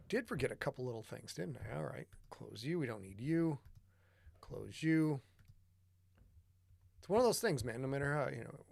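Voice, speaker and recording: Gravelly man chatting on a livestream. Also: medium pitch, darkish tone, no echo. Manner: chatty, greets viewers by name, mutters to himself. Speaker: podcast host. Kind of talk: casual livestream chat.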